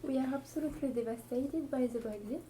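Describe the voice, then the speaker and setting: A woman's voice: high-pitched, fast, background noise. A woman whose first language is French, a student interviewer carefully reading out her questions.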